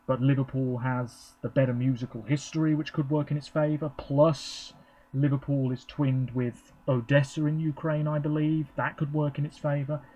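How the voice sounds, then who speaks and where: A vlogger from England reacts live in a loose, chatty way, often saying um. The man's medium-pitched voice is mellow with a breathy edge, captured on lo-fi audio.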